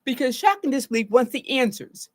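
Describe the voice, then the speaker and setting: A woman therapist from Baltimore, speaking live to her viewers in an expressive way and acting out her own reactions as she talks. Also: high-pitched, a little fast. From Baltimore, Maryland. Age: adult with a grown daughter.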